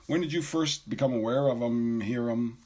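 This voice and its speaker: A man's voice: mid-range voice, moderate pace, darkish tone. A man in his fifties hosting a podcast, interviewing a guest as an eager, friendly fan. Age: 50s.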